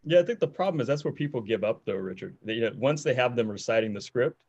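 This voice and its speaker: A man's voice: medium pitch, lively intonation, fast talker, a little mellow, highs cut off. Direct-talking man on a sales panel. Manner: direct, conversational, repeats himself for emphasis. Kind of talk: panel discussion on video call. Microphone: video call.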